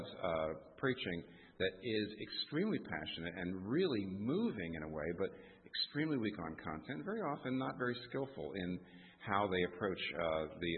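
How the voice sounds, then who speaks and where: A man teaching a class on preaching, conversational, with frequent restarts and asides to the students. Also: fairly low pitch. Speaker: preaching instructor. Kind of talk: lecture on preaching. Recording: distant, tinny, long hall reverb.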